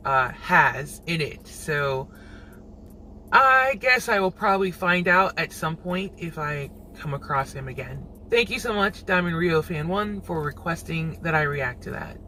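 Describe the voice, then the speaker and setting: Bright-voiced man chatting in a reaction vlog. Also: on the high side, a little hiss or hum, rough recording. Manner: chatty, musing aloud, quick to laugh. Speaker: reaction channel host. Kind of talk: casual reaction commentary.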